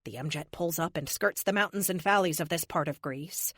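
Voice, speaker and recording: A woman's voice: low voice, moderate pace, fairly bright tone, no echo, clean studio sound. Woman narrating a first-person audiobook. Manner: wry, sarcastic first-person storytelling.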